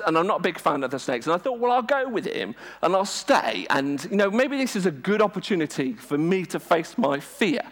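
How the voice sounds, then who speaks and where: A man in his thirties or forties, preaching a sermon and telling stories with humour and self-deprecating asides. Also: sits high. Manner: lively, humorous, self-deprecating storytelling. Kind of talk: sermon with storytelling. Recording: long reverb of a large hall.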